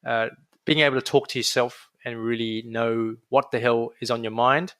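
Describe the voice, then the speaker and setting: A young adult man with an Australian accent, a podiatrist guest talking in a casual, energetic interview with frequent restarts. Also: medium pitch, moderate pace, dry recording.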